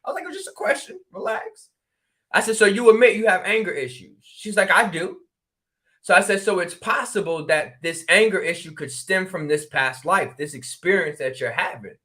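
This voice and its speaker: A man from Connecticut telling a story in casual talk, acting out the dialogue with quick exclamations. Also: sits high, pushed and bright. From New Haven, Connecticut. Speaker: spiritual regression practitioner.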